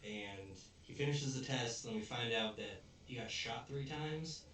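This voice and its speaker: A man's voice: medium pitch, a little slow, fairly bright tone, a little hiss or hum. A young man casually rambling through a cartoon plot recap as a podcast host, full of fillers. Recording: echoey room, distant mic.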